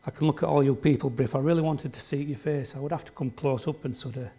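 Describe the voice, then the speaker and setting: A man's voice: mid-range voice, fairly even intonation, fast talker, dark tone, breathy edge. Man preaching, chatty tag questions. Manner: conversational, leans on tag questions to the congregation. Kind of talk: sermon. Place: church.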